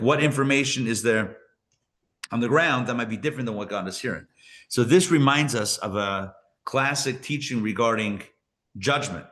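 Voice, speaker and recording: Rabbi, live class, explains verses in a chatty animated way, mid pitch. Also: male voice. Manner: conversational, explains and paraphrases verses with lively emphasis. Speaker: rabbi teaching a Torah class. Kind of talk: live class lecture with discussion.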